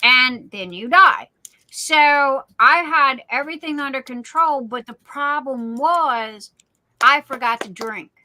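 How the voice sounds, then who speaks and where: A middle-aged woman chatting casually as a guest, with a bright, fairly high voice. She rambles through her stories and stumbles over repeated words. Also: slow pace, poor audio. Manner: chatty storyteller, repeats words and restarts often. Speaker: guest on a live chat stream. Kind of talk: casual chat.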